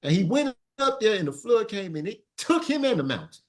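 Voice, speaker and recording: A man teaching a Sunday school lesson, preaching in an animated way and repeating phrases for his class to answer. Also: high voice, a little fast, crowd noise.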